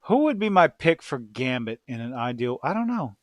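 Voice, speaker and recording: A man's voice: mid-range voice, sing-song, normal speed, no room sound. A man from Louisiana with a Cajun accent, hosting a podcast in casual, profane, rambling chat that drifts into tangents. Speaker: podcast host.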